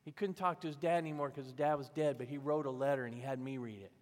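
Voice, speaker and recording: With a mid-range, darkish voice and fairly even intonation, a fast-talking pastor preaches amid a long reverb tail. He shares a parable conversationally, acting out the characters as he goes.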